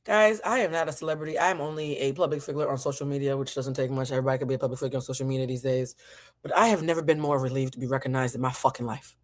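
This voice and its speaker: A woman hosting her channel, telling a story in an animated, profane, dramatic way. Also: rumbling low, rapid-fire. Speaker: host. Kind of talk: casual comedic storytelling.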